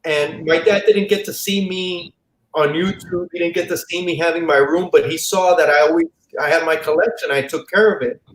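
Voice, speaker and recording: A man's voice: a little high, steady tone, normal speed. A man from the Miami area, a comic YouTuber as guest, telling stories in a rambling way and often repeating words over a video call mic. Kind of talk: casual live-stream chat. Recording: roomy echo, faint hiss.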